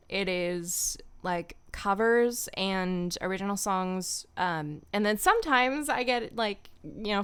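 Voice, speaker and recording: A woman's voice: mid-range voice, fairly bright tone, clear, resonant tone. A woman streamer in casual live-stream chat who is giggly and rambling, with lots of ums. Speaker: streamer and voice actor.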